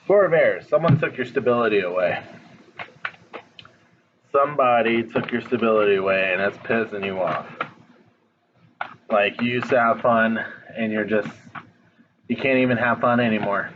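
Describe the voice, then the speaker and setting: A man's voice: fairly low pitch, moderate pace, long pauses, phone-quality sound, a little hiss or hum. A man giving a casual tarot reading straight to the viewer, blunt and frank, swearing now and then. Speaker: tarot reader. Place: home, dog nearby.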